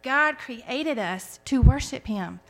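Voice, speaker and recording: A woman's voice: sits high, animated, slow. A woman in her forties giving a heartfelt personal faith testimony, telling her story earnestly with frequent restarts. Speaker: testimony speaker.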